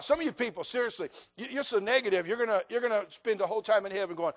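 A male pastor preaching a sermon, animated and humorous, acting out voices of people in his congregation. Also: high voice, racing, few pauses.

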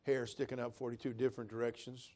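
There's slight background noise as a man with a dark, mid-range voice speaks fast with little pitch variation. He's a pastor from Cherokee preaching a storytelling sermon, folksy and earnest, acting out quoted voices in a plain-spoken way.

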